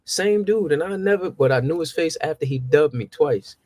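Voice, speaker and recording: At a normal speed and with no echo, a young man recounts stories casually. He's animated, performing his past conversations with his pitch rising as he does.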